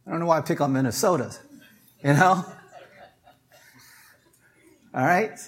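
Husky-voiced conversational preacher. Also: a little slow. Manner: conversational preaching with frequent "right?" and "you know?"; rises in pitch and force when stressing a point. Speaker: pastor. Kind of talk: sermon.

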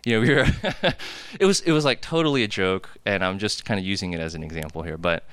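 A man's voice: low-pitched, fast talker, fairly bright tone, clean tone, no echo. A man in his thirties from the United States giving a casual personal sermon as a pastor, telling confessional stories in a conversational way full of "like" and "right?". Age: 30s. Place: hall with a cafeteria.

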